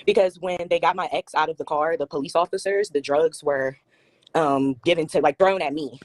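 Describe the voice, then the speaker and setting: A young woman in her twenties answers interview questions in a hesitant way, full of fillers. Her voice sits low for a woman. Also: normal speed, dry recording. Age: 20s. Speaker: interview guest. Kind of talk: casual interview.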